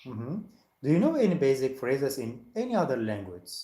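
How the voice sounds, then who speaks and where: An IELTS teacher leading a practice speaking exam, lively and quick to laugh, slipping into playful impressions of casual speech. The voice sits at an ordinary pitch and carries a noticeable echo from the room around it. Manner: animated, laughs often, mimics slang voices. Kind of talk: mock speaking exam chat.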